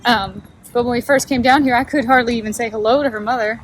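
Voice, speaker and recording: A woman chatting casually as a travel vlogger, emotional and quick to laugh. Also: fairly high pitch, steady tone, slight background noise, poor audio. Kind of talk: casual vlog chat.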